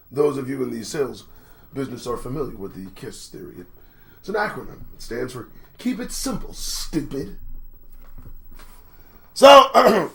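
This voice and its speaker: Middle-aged guy ranting on his morning stream, swears a lot, kinda high voice, chats with viewers. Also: fairly bright tone. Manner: profane, rambling, conversational; greets chat viewers by name. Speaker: host. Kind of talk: live-stream commentary.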